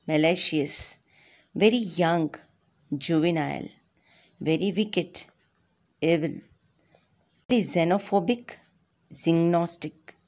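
A woman English teacher with an Indian English accent, slowly reading pairs of vocabulary words in a measured way. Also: lowish voice, darkish tone. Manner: measured, reads word pairs one by one. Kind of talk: slow vocabulary list reading.

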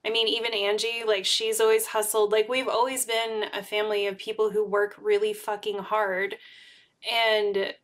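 A woman's voice: mid-range voice, little pitch movement, moderate pace, a bit bright. A woman hosting a casual livestream chat with her sister, talking candidly, full of fillers and frequent swearing. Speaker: host.

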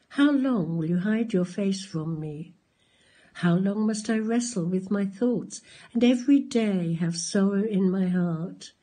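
A woman reading scripture aloud in a slow, measured way. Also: medium pitch, mellow, breathy edge. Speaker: Bible reader.

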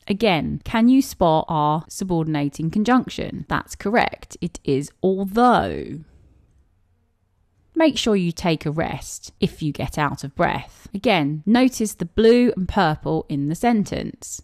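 Woman, young adult teacher, warm encouragement, animated delivery for a children's lesson video. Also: on the low side, no echo, clean studio sound. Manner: encouraging, asks the viewer questions and praises answers. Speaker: primary school teacher. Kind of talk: recorded grammar lesson for children.

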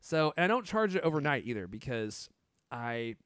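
A man's voice: mid-range voice, very animated, normal speed, a bit bright, clean tone, dry recording, studio quality. A man in his thirties co-hosting a casual tech chat, joking and laughing often. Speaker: podcast co-host.

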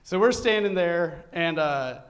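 A man telling a comic true story live on stage, animated, profane and self-mocking. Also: on the high side, a little slow.

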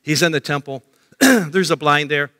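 Animated male preacher in a reverberant church. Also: on the high side, unhurried. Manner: animated storytelling, acting out crowd voices. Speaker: pastor. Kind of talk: sermon. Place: church sanctuary.

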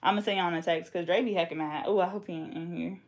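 Young Bay woman, gravelly voice, playful braider chatting with viewers. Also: fairly low pitch, fairly even intonation, fast. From Bay Area, California. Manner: playful, chatty, laughs often. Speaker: hair braider and channel host. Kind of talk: casual chat with live viewers.

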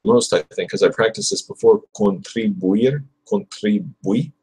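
Young guy livestreaming his spanish practice, slow husky voice, kinda low, repeats verbs over and over. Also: a little mellow, low-quality recording. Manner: drills verb forms aloud, chats with viewers between. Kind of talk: casual livestream study session.

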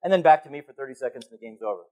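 A man giving a conference keynote on stage, animated and playful as he calls volunteers up from the audience. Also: medium pitch, rapid-fire. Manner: animated, calling to the crowd, playful. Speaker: keynote speaker.

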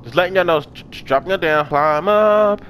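Young man, let's play host, excitable, yells when startled, slightly high voice, faint background hiss. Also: a little fast. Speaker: gaming channel host. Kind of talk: casual let's play commentary.

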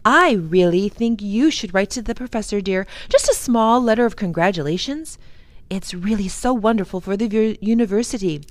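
A woman reading aloud, voicing a gentle, caring mother of three who speaks softly and coaxingly. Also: medium pitch, expressive, moderate pace, dry recording, voice pushed up, lightly acted.

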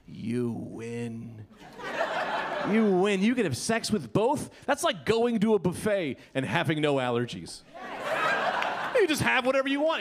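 A man's voice: high-pitched, background noise. A man performing a loose, rowdy stand-up comedy set in a comedy club, acting out quotes. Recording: comedy club with loud crowd laughter.

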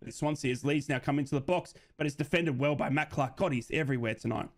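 An Australian man hosting a football watch-along, chatty and excitable as he gives live fan commentary and laughs often. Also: a little high, moderate pace, pauses often.

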